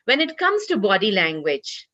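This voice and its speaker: A woman's voice: medium pitch, huge pitch swings, normal speed, pushed and bright, dull audio. A woman corporate trainer giving an online training session, earnest, repeating herself with many "you know" fillers. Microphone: video call.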